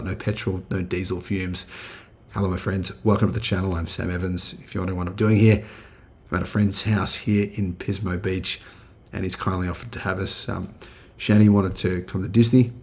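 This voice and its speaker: This channel host, a middle-aged Australian, speaks in a low, somewhat mellow voice. His commentary is relaxed and chatty, peppered with fillers and restarts.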